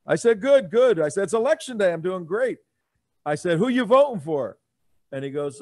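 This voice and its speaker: Male talk radio host, middle-aged, loud and jokey, pitched a bit high, dry studio mic. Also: normal speed, no room sound. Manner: loud, animated, jokey storytelling. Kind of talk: excited live radio chat.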